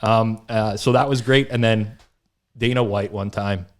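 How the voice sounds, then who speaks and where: A man co-hosting a sports betting podcast, telling stories in a casual, animated way, laughing often and acting out what people said. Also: lowish voice, a little slow. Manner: animated storyteller, laughs often, acts out quotes. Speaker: podcast co-host. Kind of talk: casual chat.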